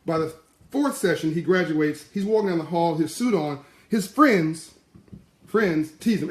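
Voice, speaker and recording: A man giving a live-streamed motivational talk in passionate, animated storytelling. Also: a little high, unhurried, echoey room. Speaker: motivational speaker.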